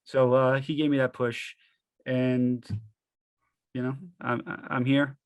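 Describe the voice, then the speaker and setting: A man's voice: medium pitch, flat delivery, slow pace, clean tone, dry recording. A middle-aged man, a retired firefighter, talking candidly and bluntly as an interview guest, swearing casually and restarting his sentences.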